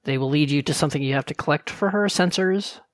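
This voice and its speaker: A man co-hosting a gaming podcast, explaining game updates in detail in a relaxed, chatty way. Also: fairly high pitch, quick pace, dry recording. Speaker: podcast co-host. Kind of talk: casual gaming podcast chat.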